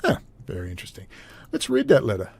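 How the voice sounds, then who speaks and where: A male podcast host talking off the cuff in an average-pitched voice. He rambles, swears bluntly and often breaks off mid-sentence. The sound is dry and close, with no room echo. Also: wildly swooping pitch, quick pace, creaky, darkish tone, husky. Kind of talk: casual solo commentary.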